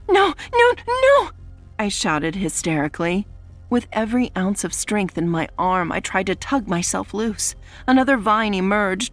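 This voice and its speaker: A woman narrating a first-person dark fantasy audiobook in a tense, dramatic storytelling manner. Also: mid-range voice.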